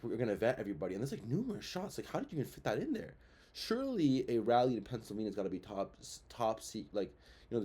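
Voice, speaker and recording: A young man hosts his own commentary show in a loose, rambling style. His voice is dark, mellow and slightly husky. He keeps throwing rhetorical questions into his talk. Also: medium pitch. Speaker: show host. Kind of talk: casual commentary.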